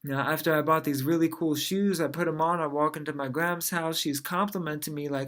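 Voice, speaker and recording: A man's voice: fairly high pitch, fairly even intonation, brisk, few pauses, a bit bright. A man in his thirties from New Orleans, telling stand-up jokes in a dry, conversational way. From New Orleans, USA. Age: 30s. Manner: dry, conversational joke delivery. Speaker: comedian. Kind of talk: stand-up set.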